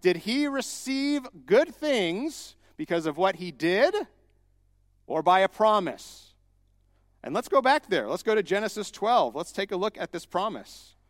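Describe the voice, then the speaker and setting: A man preaching a sermon as a pastor, emphatic and rising to loud repeated declarations. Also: high voice, big pitch swings, a little slow, clean studio sound. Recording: long hall reverb.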